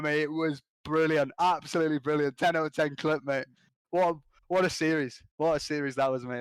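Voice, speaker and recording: Excitable man telling game stories. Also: fairly high pitch, clean tone, no echo. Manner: excitable, slangy, quick restarts. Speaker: podcast guest, competitive gamer. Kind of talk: animated storytelling.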